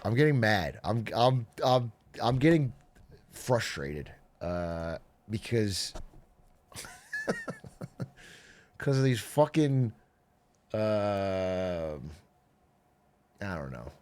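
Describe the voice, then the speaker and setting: A man's voice: mid-range voice, takes it slowly, pauses often, a little hiss or hum. A man streaming live, chatting casually with viewers in jokey, profane rants. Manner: swearing, animated, jokey rants. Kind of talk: casual livestream chat.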